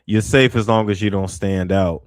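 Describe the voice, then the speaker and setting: A man streaming casual commentary on travel clips, animated and chatty. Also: fairly low pitch, moderate pace, dry recording, clean studio sound. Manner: animated, drops to near whispers when imitating soft speech.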